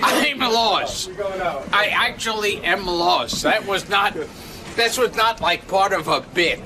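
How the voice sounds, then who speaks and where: A man talking slowly and mumbling, with frequent giggles. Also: high voice. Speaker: show guest. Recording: loud background noise.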